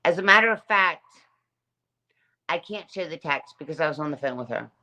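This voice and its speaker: A woman's voice: sits low, lively intonation, fairly quick, bright, forceful tone. Aggrieved woman ranting on a livestream. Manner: aggrieved, repetitive, reads chat names aloud. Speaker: livestream host. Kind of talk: casual livestream rant.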